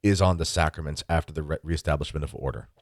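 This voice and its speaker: A man's voice: a bass voice, fast talker, dry recording, clean studio sound. A man hosting a podcast, talking in a casual chat style with emphatic bursts. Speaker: podcast host.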